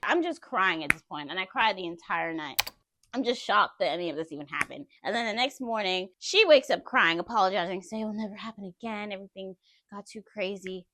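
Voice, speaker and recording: A woman vlogger telling a personal story in an animated, emphatic way, often laughing. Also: medium pitch, brisk.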